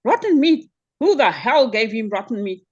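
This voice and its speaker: A woman's voice: fairly high pitch, very animated, normal speed, slightly rough. A woman voicing a wealthy man who exclaims in disbelief at each bit of news, over muffled video call audio. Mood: incredulous. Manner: exclaiming, incredulous. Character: wealthy man growing ever more outraged.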